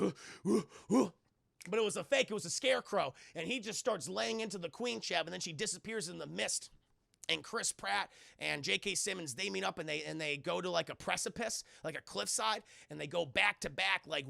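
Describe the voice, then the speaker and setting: Gravelly crude-talking streamer, a man. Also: sits high, no echo, clean studio sound. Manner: crude, animated, talks to chat. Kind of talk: casual film recap.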